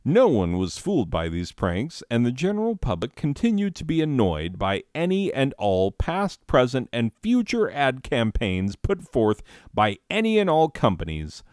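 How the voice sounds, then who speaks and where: A man's voice: medium pitch, huge pitch swings, moderate pace, hardly any pauses, darkish tone, no room sound, clean studio sound. A man presenting a mock year-in-review with sarcastic, rambling, exasperated rants. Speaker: comedy video host.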